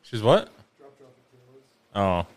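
A man's voice: on the low side, very animated, extremely slow. A man in a casual movie commentary podcast, making sarcastic, profane wisecracks. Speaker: podcast co-host.

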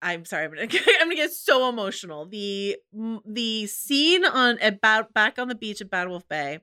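A woman co-hosting a podcast in casual chat, animated and emotional, swearing freely. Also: mid-range voice, moderate pace, clear, resonant tone, no room sound, clean studio sound. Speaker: podcast co-host.

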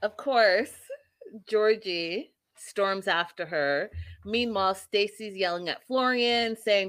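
A young woman hosting a casual live stream, recapping a reality show in a bubbly, giggly, animated way. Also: medium pitch, slow pace.

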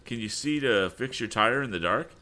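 A man voicing a cheerful, quick-witted young male inventor with an eager way of talking. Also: mid-range voice, animated, pushed and bright, pitched above the performer's own voice.

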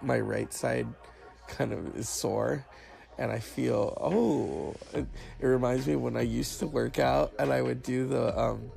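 A man's voice: medium pitch, measured pace, vocal fry, darkish tone, faint music behind. A man sick with a cough, ranting casually and sarcastically with lots of profanity as the host of a solo talk show. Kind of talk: casual rant.

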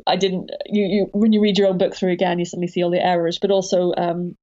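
A woman's voice: fairly low pitch, level tone, fast talker, warm tone, muffled recording. A woman author being interviewed, speaking thoughtfully with some hesitation and frequent laughs. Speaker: author and guest. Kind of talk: conversational interview.

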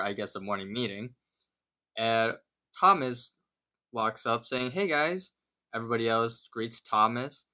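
A man's voice: on the low side, pushed and bright, clear, resonant tone. A man co-hosting a podcast, casually retelling a cartoon episode scene by scene and quoting the characters' lines in a lifted voice. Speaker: podcast co-host.

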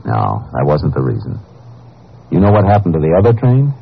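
An actor playing a calm, firm lawman who also narrates, in a 1950s radio drama. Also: extremely low pitch, moderate pace, gravelly, slightly rough, exaggerated voice. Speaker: Texas Ranger lead and narrator. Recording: dull lo-fi old radio recording with hiss.

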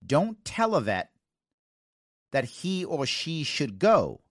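An American man in his forties hosting a talk show, telling stories in an animated way, acting out quoted lines and giggling now and then. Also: fairly high pitch, slow pace, no room sound, studio quality. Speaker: radio talk show host. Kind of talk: casual talk show monologue.

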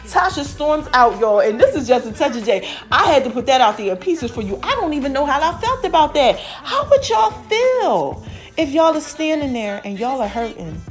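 A woman giving a casual, animated recap of a TV episode, talking straight to her listeners and acting out the characters' lines. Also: soft background music. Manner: chatty, animated, addresses listeners as y'all; acts out characters' lines with quick pitch jumps. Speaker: TV recap host.

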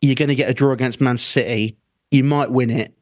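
A man guests on a football podcast, chatting casually at an ordinary pitch. He speaks in a wry, teasing way. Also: fairly even intonation, brisk, dry recording, clean studio sound.

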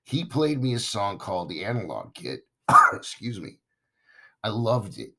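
A man with a rather low, raspy voice hosts a podcast in a relaxed, talkative monologue. He sounds hoarse, still recovering from losing his voice. He speaks to his listeners with warm enthusiasm. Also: normal speed. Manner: chatty, enthusiastic, talks straight to listeners. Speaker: podcast host.

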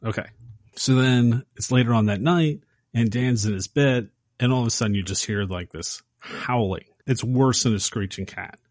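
A man casually recapping a horror film on a podcast, acting out the characters' lines with animated energy. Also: mid-range voice, normal speed, no echo, studio quality. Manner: animated storyteller acting out quotes. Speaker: podcast host.

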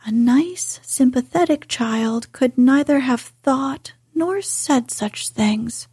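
Slow whispering woman storyteller. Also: high voice, husky, dry recording, studio quality. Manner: soft unhurried whispered reading. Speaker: narrator.

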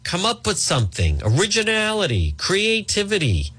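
A man's voice: on the high side, very animated, measured pace, fairly bright tone, slightly rough. A middle-aged man hosting a talk radio show, delivering a combative, sarcastic monologue. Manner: combative, sarcastic, mocking put-on voices.

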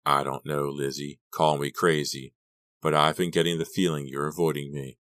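A nervous, cocky teenage boy in a storybook reading, as a man voices him. He speaks in a very deep, slow drawl. The mic is close and dry. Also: level tone, fairly bright tone, dry recording. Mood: awkward.

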